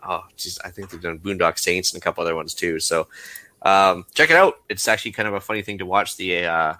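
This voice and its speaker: A man's voice: deep voice, quick pace, sharp tone, no echo. A Canadian man co-hosting a casual podcast chat, easygoing and laughing between points. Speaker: podcast co-host.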